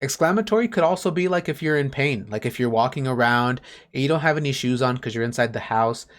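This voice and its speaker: A man's voice: medium pitch, expressive, fast. A man teaching an online class on a video call, patiently explaining grammar with everyday examples.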